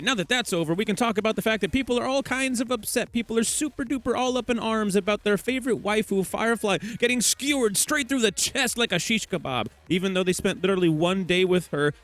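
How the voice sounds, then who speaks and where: A man's voice: high voice, fairly bright tone. A young man who hosts a gaming theory channel, talking casually over game footage in a teasing, rambling way and correcting himself as he goes. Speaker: gaming theory video host.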